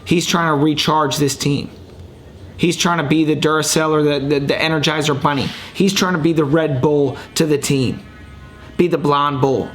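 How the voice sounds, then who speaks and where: Man, podcast host, slightly high voice, rambling, excitable, self-mocking, casual sports chat, home recording. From Ohio. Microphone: camera and computer mic.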